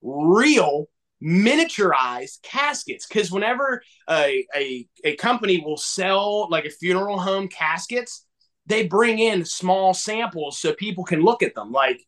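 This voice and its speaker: A man from southwestern Pennsylvania, a podcast guest and toy collector, telling a story in a casual, animated way and acting out the dialogue. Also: a little slow. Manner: animated, acts out dialogue with big swings in pitch.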